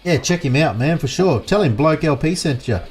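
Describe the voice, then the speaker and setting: A man's voice: fairly high pitch, expressive, normal speed, slightly rough, faint music behind. Chatty Australian man streaming a game. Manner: chatty, rambling, talks to chat viewers. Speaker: livestream gamer. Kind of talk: casual live gameplay commentary.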